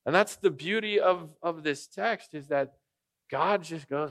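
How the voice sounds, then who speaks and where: A man's voice: fairly high pitch, unhurried, a bit bright. A man preaching a sermon as pastor, a father of young kids, speaking casually and jokingly and often putting questions to the congregation. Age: adult father of young children.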